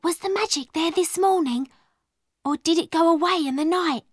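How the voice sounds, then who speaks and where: A woman's voice: extremely high pitch, normal speed, dry recording, studio quality, voice pushed up. A woman voicing a timid young servant girl who asks eager, breathless questions. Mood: hushed wonder.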